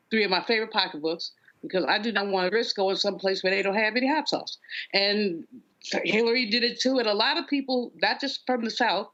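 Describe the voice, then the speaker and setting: A woman's voice: medium pitch, a bit bright, dull audio. A woman commentator on a political panel, speaking bluntly and wryly. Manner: wry, blunt, conversational.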